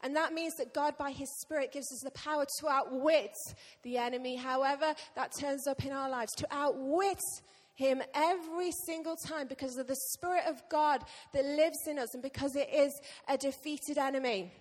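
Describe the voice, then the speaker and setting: A woman pastor preaching a sermon to her church, lively and joking with the congregation. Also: high-pitched, normal speed, hardly any pauses. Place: church hall. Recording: long reverb of a church hall.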